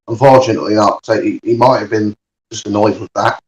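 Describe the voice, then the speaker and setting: A man chatting casually on a podcast, talking haltingly and repeating words as he goes. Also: lowish voice, fairly even intonation, slightly rough, highs cut off.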